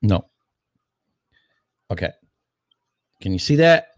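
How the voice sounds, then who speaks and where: A man's voice: sits low, big pitch swings, slow, dry recording. A man hosting a casual call-in chat, laid-back and telling a story with easy swearing. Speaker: show host.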